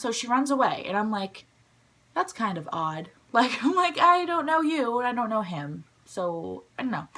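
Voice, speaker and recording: A young woman telling a story from her school days in a chatty vlog style, full of "like" and quick asides. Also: medium pitch. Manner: chatty, animated, heavy use of "like". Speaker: vlogger. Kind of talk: casual storytime.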